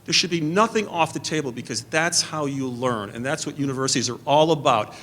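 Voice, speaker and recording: A man's voice: a little high, fairly quick, hardly any pauses, a bit bright. A middle-aged man answering in a debate from a stage podium, earnest and stumbling over restarts. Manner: earnest, repeats and restarts under pressure.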